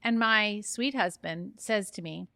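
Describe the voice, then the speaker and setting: A woman's voice: medium pitch, gravelly, pushed and bright, no room sound, studio quality. A woman hosting her own podcast, talking openly and chattily, poking fun at herself and getting fired up. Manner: open, chatty and self-mocking, fires up quickly. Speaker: podcast host. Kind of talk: candid solo podcast monologue.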